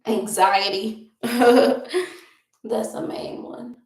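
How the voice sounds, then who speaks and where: A woman's voice: a little high, fairly even intonation, drawn-out words, echoey room, low-quality recording. A young woman vlogger chatting casually while doing her makeup, rambling and laughing often.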